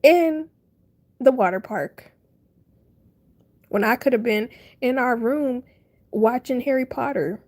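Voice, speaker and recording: Woman, young adult, livestreamer, casual storytelling, animated, laughs a lot, slightly high voice. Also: takes it slowly, pauses often. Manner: animated, laughing, dramatic retelling. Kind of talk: casual storytelling to a live chat.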